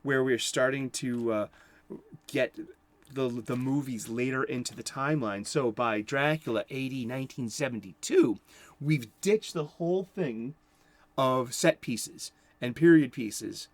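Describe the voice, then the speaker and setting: A man's voice: medium pitch, a little slow. A man giving casual commentary on horror movies, rambling and chuckling, with many restarts.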